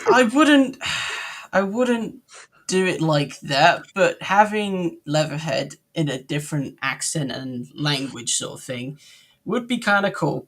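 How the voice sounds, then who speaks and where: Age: adult. Pace: slow and hesitant. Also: medium pitch, a bit bright. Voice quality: hesitant, searching for words. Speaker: podcast co-host. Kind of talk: casual chat reviewing a cartoon.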